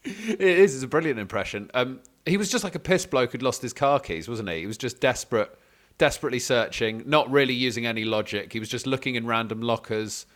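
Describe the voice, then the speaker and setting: A man's voice: medium pitch, lively intonation, a little fast, fairly bright tone. A man hosting a casual podcast chat, teasing and chatty, with lots of filler sounds. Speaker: podcast host.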